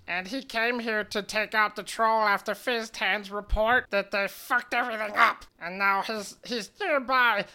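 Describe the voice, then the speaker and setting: A man puts on the voice of a small, worried gnome in a tabletop game, pitched well above his own and bright. The gnome pleads earnestly for help. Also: smooth, full character voice.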